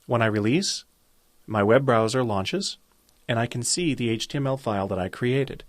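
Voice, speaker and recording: This web design lesson comes from a man who works through a screen-recorded coding tutorial one step at a time, calm and methodical. The recording is dry, and his medium-pitched voice keeps a moderate pace.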